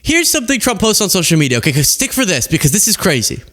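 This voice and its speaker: A young man hosting a casual political commentary show, sarcastic and quick to laugh at his own jokes. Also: high-pitched, big pitch swings, fairly bright tone.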